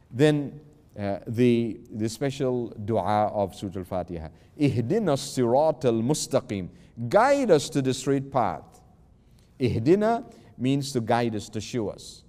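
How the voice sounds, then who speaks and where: This religious teacher speaks in a mid-range, slightly mellow voice with a long reverb tail behind it. Patiently, he recites verses, translates them and goes through each word's meaning, frequently repeating himself and starting over with "uh."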